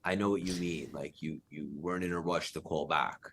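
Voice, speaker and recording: A man with a very low voice hosts a podcast interview. He speaks earnestly and encouragingly, with an emotional, heartfelt manner. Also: fairly even intonation, brisk, a bit bright, a little hiss or hum. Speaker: podcast host.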